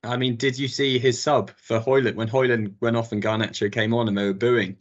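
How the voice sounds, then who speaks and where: A man's voice: mid-range voice, little pitch movement, moderate pace, lo-fi sound. A man from England co-hosting a casual football chat, easygoing, laughing often and repeating himself. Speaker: podcast co-host. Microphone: video call.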